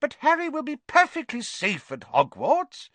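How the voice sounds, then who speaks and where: Molly Weasley, a man voicing a fretful high-pitched mother. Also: huge pitch swings, moderate pace, a bit bright, no echo, heavily acted. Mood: anxious pleading. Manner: pleading, exasperated. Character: anxious protective middle-aged mother. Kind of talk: audiobook reading.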